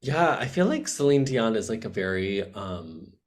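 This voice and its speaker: A man co-hosting a comedy podcast, chatting casually with crude, blunt jokes and sudden bursts of loudness. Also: on the low side, sing-song. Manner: blunt, crude and jokey, with quick swings in loudness.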